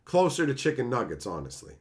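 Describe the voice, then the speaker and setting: A man's voice: medium pitch, wildly swooping pitch, fast talker. A man streaming live, reading chat and ranting at it in profane, exasperated bursts.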